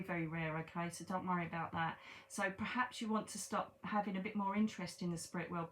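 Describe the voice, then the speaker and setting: A woman's voice: lowish voice, a little hiss or hum. Chatty woman giving a tarot reading. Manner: chatty, reassuring, repeats herself. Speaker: psychic medium.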